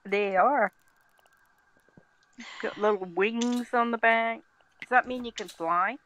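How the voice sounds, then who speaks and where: A woman's voice: fairly high pitch, slow, a bit bright, slight background noise. A middle-aged woman, a mother chatting casually while playing a video game with her kids over voice chat, in an easygoing, wry way.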